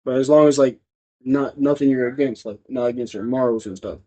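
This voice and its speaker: A man's voice: medium pitch, brisk, dark tone. A young man co-hosting a casual podcast, joking and slangy. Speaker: podcast co-host. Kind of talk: casual chat. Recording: dull lo-fi sound.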